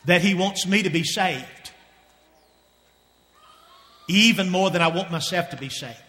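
A man preaching a sermon with passion, often repeating phrases and dropping to a hush before rising again. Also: sits high, measured pace. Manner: impassioned, repeating phrases, swings from loud to hushed. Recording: long hall reverb.

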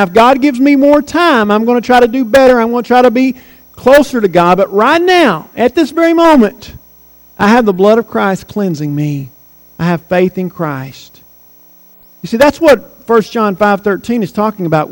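A man's voice: sits high, expressive, moderate pace, in a large hall, poor audio. A man in his forties preaching a sermon as pastor, earnest and emphatic, repeating key phrases. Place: church sanctuary.

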